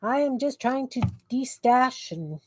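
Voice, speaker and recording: A woman's voice: sits high, expressive, unhurried, very noisy. A middle-aged woman hosting a crafting livestream from her basement, chatting casually with viewers and muttering to herself as she works. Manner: chatty, self-talk while working, mutters to herself. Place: home basement craft room.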